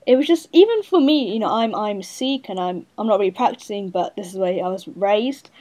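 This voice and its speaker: A woman's voice: medium pitch, animated, brisk, dark tone. A woman hosting a casual interview, encouraging and enthusiastic toward her guest. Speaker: interview host.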